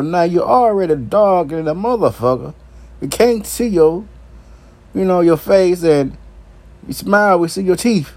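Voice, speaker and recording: A man's voice: high-pitched, animated, measured pace, darkish tone, no room sound. A male talk show host rambling through an unscripted solo monologue, crude and profane, chuckling between his remarks.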